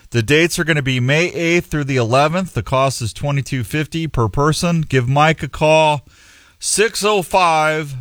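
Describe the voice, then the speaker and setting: A man's voice: a little high, a bit bright, no echo, studio quality. A man hosting a radio show in casual chat, joking and opinionated.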